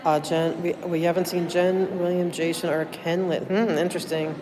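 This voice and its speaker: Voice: medium pitch, level tone, moderate pace, big-room sound, background noise. Tired chatty livestreamer rambling to viewers. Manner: chatty, rambling, full of fillers and thanks. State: tired, running on little sleep. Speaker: livestreamer at a public meeting. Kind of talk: casual live chat with viewers. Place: city hall building, indoors.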